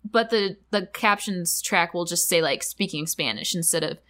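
A woman's voice: lowish voice, moderate pace, fairly bright tone. A woman co-hosting a podcast, chatting casually and laughing along while talking about a movie. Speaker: podcast co-host. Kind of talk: casual chat recapping a movie.

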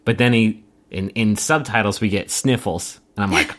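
A man co-hosting a podcast, joking in casual chat and swinging into high mock voices. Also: moderate pace, fairly bright tone. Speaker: podcast co-host.

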